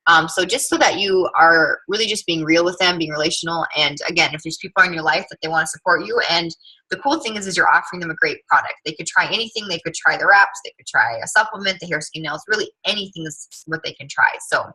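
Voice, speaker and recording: A young woman talks new team members through their first steps in a casual, earnest coaching tone, scattering filler words as she goes. Her voice sits a little low but sounds bright and forward, with a breathy edge. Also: fast talker, low-quality recording. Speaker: team leader training new distributors. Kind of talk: casual training talk to camera.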